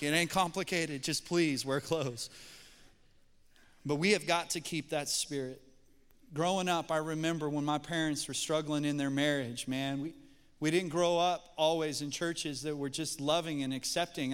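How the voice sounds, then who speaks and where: Male pastor, bright, crisp voice, folksy sermon delivery, long hall reverb. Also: a little high. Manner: folksy, animated storyteller. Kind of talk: sermon with storytelling.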